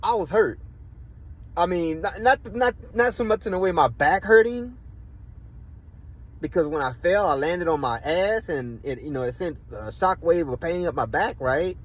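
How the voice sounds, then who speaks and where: A man's voice: on the high side, lively intonation, normal speed, poor audio. A man in pain, ranting indignantly to camera in a vlog, swearing often and restarting his sentences. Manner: profane, indignant, repeats and restarts himself. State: in pain from a fall. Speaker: vlogger. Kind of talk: angry personal rant to camera.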